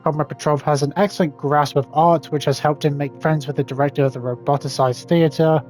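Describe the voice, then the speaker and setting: A man's voice: a little high, steady tone, fairly quick, a little mellow, faint music behind. Sarcastic young man reading game text. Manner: sarcastic, swears often; stumbles over hard words. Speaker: gaming YouTuber. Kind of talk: reading game text aloud with casual commentary.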